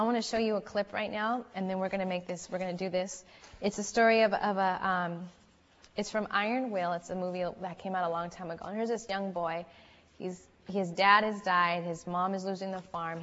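A woman's voice: medium pitch, fairly bright tone. Woman youth speaker, earnest storytelling sermon, chatty, long hall reverb, dull muffled sound.

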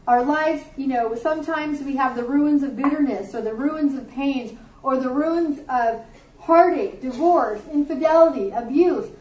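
A woman's voice: sits high, unhurried, a little mellow, echoey room, distant mic, poor audio. A middle-aged woman giving a sermon to a group, earnest and conversational, with offhand asides. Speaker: Bible teacher. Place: warm room with a group.

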